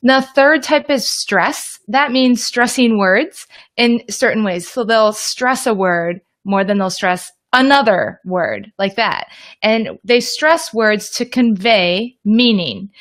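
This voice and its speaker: A woman's voice: fairly high pitch, a bit bright. A woman hosting a live online teaching session, explaining reading skills in an upbeat, chatty way and greeting viewers by name. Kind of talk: casual teaching livestream.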